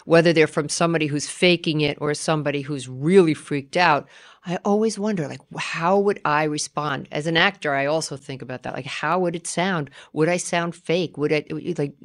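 A woman with a very low voice co-hosts a casual true crime chat. She muses aloud and keeps asking rhetorical questions. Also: moderate pace. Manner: musing, asks rhetorical questions. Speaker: podcast co-host, actor.

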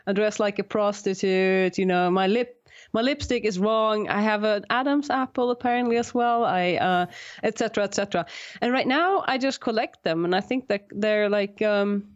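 A woman's voice: mid-range voice, moderate pace. A woman being interviewed about her work, talking casually with frequent laughs and restarts. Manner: laughs often, many restarts and fillers. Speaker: guest, science communicator. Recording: slightly dull lo-fi audio.

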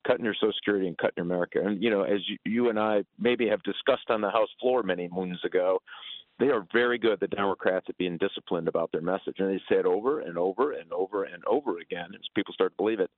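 A middle-aged man calling in as a guest for a radio interview, speaking in a measured, plain-spoken way. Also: deep voice, no echo. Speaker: guest on the phone. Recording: tinny phone line.

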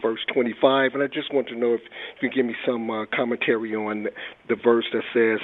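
A man's voice: medium pitch, level tone, fairly quick. A man calling in to a radio show, politely asking a question and reading a verse aloud. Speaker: caller. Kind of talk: call-in question. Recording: tinny phone line.

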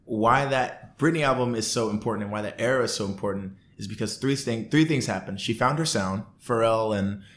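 A man telling a story in a casual interview, acting out what people said in raised, lively voices. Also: fairly low pitch, brisk, hardly any pauses. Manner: animated, acts out quotes in raised voices. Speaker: podcast guest.

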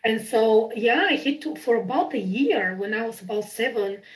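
A woman whose first language is not English, chatting as an improviser guest over a video call, animated and quick to laugh. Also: a little high, low-quality recording. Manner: animated, gushing, laughs often. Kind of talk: casual interview chat.

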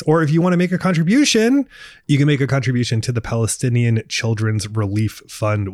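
A man co-hosting a podcast in a loose, relaxed manner, with filler words here and there. His voice sits at a middle pitch. The sound is close and dry, with no room around it. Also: dry recording. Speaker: podcast co-host. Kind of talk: casual podcast chat.

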